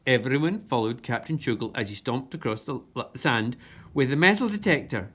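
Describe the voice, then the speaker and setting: A woman reading a children's story aloud with expressive narration. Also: very deep voice, normal speed, breathy edge.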